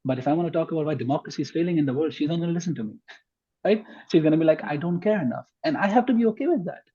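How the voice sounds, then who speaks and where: Husky-voiced man making his case. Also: a little high, lively intonation, racing, lo-fi sound. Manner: emphatic, argues point by point. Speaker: podcast guest. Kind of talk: conversational podcast discussion.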